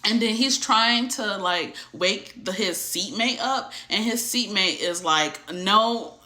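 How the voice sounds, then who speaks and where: Chatty woman host recapping a novel; bright tone, roomy echo, lively quoted voices. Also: medium pitch, slow pace. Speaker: book discussion host. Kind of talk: casual book recap.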